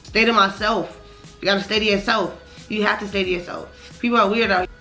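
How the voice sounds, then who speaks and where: A woman vlogger telling a casual storytime, slangy and animated, swearing often and repeating "you know what I'm saying" as she recounts an annoying night. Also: medium pitch, brisk, faint music behind.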